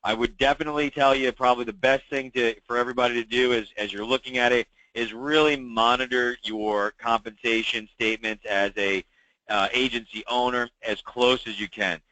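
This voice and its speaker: Male meeting host, mid-pitch, tense bright tone, chatty briefing style that repeats key points. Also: steady tone, fairly quick, no echo, poor audio. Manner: conversational, many fillers, repeats key advice. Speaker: meeting host for insurance agents. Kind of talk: weekly call briefing.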